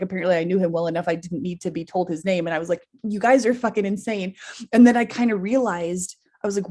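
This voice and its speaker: A woman's voice: medium pitch, darkish tone. A woman co-hosting a podcast, casually telling a long dream story, laughing often and swearing freely. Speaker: podcast co-host. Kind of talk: casual chat, recounting a dream.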